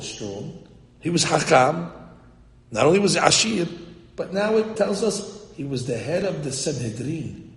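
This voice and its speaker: A man teaching a text-study lecture to a class, animated and translating phrases line by line. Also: high voice, gravelly. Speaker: Torah teacher. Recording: echoey hall.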